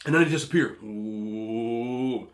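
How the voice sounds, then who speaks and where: A man in his thirties eating on camera, giving emphatic, animated relationship advice to other men and telling stories in a casual chat. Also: a little high, moderate pace. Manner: storytelling with repeated disapproving hums. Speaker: mukbang vlogger.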